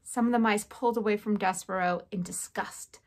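A woman teacher at home, reading a children's novel aloud to her class with a clear, expressive delivery. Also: mid-range voice, fairly quick.

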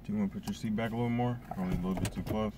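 A man's voice: lowish voice, steady tone, racing, mellow, a little hiss or hum. A man joining a casual mukbang as the guest, laid-back and giving short answers. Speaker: guest cousin.

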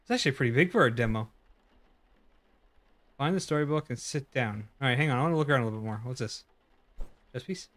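A man's voice: mid-range voice, animated, quick pace, long pauses, a bit bright. A man casually commenting while playing a horror game, chatty and curious, swearing now and then. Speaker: gaming video creator. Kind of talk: casual let's-play commentary.

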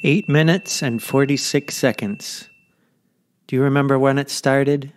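A man hosting a podcast and reading a scripted narration in a measured, solemn way. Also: mid-range voice, steady tone, background noise. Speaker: podcast host.

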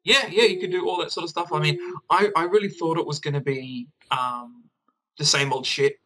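A man's voice: fairly high pitch, moderate pace, a crowd in the background, low-quality recording. A man, co-hosting a casual gaming podcast, rambling and chatty with lots of fillers. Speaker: podcast co-host.

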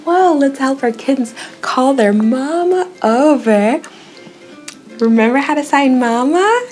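Woman, toddler show host, slow, sing-song, exaggerated teacher voice. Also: sits high, expressive, darkish tone, faint music behind. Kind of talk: toddler learning lesson.

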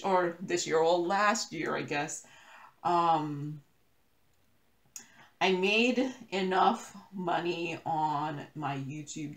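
A woman chatting casually to viewers while she does a diamond painting at home, rambling, correcting herself and laughing often. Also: lowish voice. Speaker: crafting YouTuber. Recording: roomy echo.

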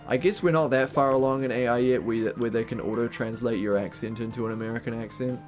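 A young man with a New Zealand accent chats loosely as he streams a game, wandering off-topic, laughing and swearing casually. His voice sits at a middling pitch, with light game music playing faintly behind him. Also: steady tone, fast talker. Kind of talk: casual live-stream gaming chat.

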